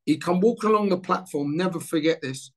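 A man's voice: a little high, brisk. A man in his sixties telling an anecdote in a casual interview, acting out the dialogue as he goes. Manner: animated storyteller acting out dialogue. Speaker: former footballer interviewee.

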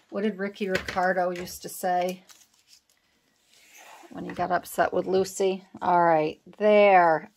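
A woman's voice: lowish voice, little pitch movement, slow pace, long pauses, darkish tone. A woman hosting a crafting video, chatting casually as she works and teasing herself for being scatterbrained. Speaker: craft channel host. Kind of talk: casual crafting vlog chat.

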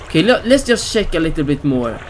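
A man giving let's play commentary on a horror game as a gaming YouTuber. He yells in fright at the game and cracks goofy jokes. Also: a little high, big pitch swings, a little fast, slight background noise.

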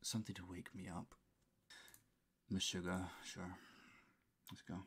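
A man's voice: low voice, flat delivery, unhurried, pauses often, fairly bright tone, a little hiss or hum. An exhausted man, a voice actor, muttering and cursing to himself between takes while recording at home. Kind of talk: recording bloopers, talking to himself.

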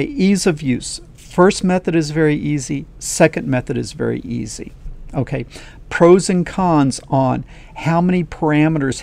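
Man with a gravelly voice, friendly coding teacher addressing viewers directly, casual and upbeat. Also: a little high, a little mellow. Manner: folksy, enthusiastic, talks straight to viewers. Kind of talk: casual screen-recorded lesson.

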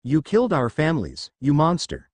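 A man's voice: on the high side, wildly swooping pitch, moderate pace, no echo. A man doing a cold, hateful villager.

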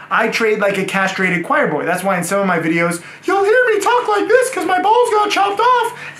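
A man's voice: high voice, pushed and bright, echoey room, slight background noise. A man teaching trading to a room of people, emphatic and repeating words for stress. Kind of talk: lecture-style talk to a room. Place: room with a live audience.

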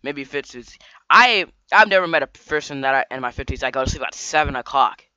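A man's voice: medium pitch, expressive, fairly quick, sharp tone, smooth, no room sound. Rambling young man telling a storytime. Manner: rambling, full of restarts and slang. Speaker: vlogger. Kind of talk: casual storytime vlog.

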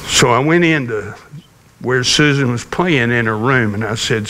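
A man preaching a sermon, telling a personal story in a folksy, gently humorous way. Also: medium pitch, a little slow. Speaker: pastor.

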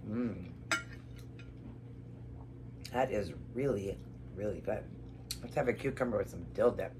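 A woman's voice: rumbling low, measured pace, noisy background. A woman vlogger praying and reading scripture, earnest and emotional, repeating herself as she talks to viewers at home. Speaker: keto vlogger. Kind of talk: emotional devotional vlog with prayer and eating.

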